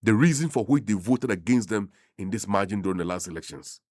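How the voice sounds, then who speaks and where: Impassioned Ghanaian radio host, lively pitch. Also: male voice, a little fast, dry recording, studio quality. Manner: impassioned, switching between Twi and English. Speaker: radio talk show host. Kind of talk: political commentary on radio. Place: radio studio.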